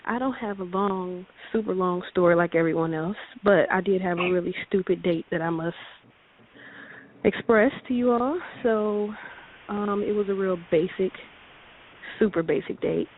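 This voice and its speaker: A woman calling in to a radio show, telling a date story in a lively way and acting out what people said. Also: fairly low pitch, moderate pace. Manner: animated, laughing, acts out quotes. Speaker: caller. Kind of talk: casual storytelling on call-in radio. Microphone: phone. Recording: tinny phone line with faint hiss.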